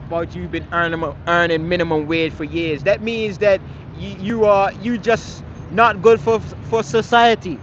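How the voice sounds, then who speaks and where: A man's voice: sits high, fairly even intonation, moderate pace, a bit bright, highs cut off, slight background noise. A man on a live stream arguing with his chat, confrontational and scolding, swearing often and tagging his lines with "man". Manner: repeats phrases, tags lines with "man". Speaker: livestreamer answering chat.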